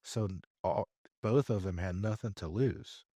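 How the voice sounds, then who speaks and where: Low mellow-voiced man telling a story. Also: measured pace, slightly rough, no room sound, clean studio sound. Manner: lively storyteller who acts out his own dialogue. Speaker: podcast guest, real estate investor. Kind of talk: conversational storytelling interview.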